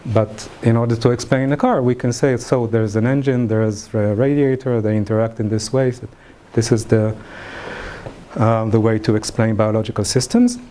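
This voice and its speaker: Male lecturer, halting delivery full of fillers, mellow tone, mid pitch. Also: steady tone. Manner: halting, many fillers and restarts. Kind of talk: academic lecture.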